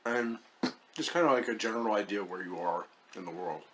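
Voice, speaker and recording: A man's voice: on the low side, brisk, a bit bright, a little hiss or hum. A man casually reviewing chocolates as the host of his own channel, wry and hesitant, muttering as he tastes. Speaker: food reviewer.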